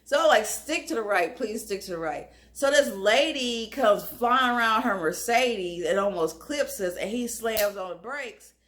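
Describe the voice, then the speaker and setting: A young woman telling a wild story in a casual storytime vlog, animated and full of filler words. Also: on the high side, a little slow, few pauses. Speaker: storyteller, channel host.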